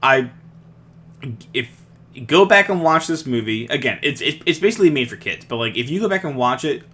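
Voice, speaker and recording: A man's voice: medium pitch, lively intonation, a little fast, pushed and bright. A young man co-hosting a podcast in casual chat, rambling with restarts and frequent laughs. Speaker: podcast co-host.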